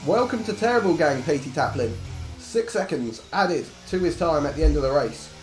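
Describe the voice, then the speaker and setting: A man calls a live online race with a high-ish, bouncy voice, cracking jokes and swearing bluntly. His voice rings in a roomy space, with faint music playing underneath. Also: expressive, moderate pace. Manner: jokey, blunt, swears freely. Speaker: race commentator. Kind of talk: live esports race commentary.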